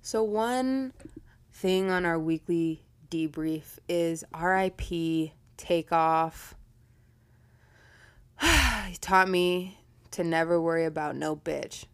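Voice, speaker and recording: A woman's voice: lowish voice, fairly even intonation, takes it slowly, clear, resonant tone. Chatty, profane young woman podcaster. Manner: chatty, profane, laughs often. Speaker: podcast host. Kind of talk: casual storytelling podcast.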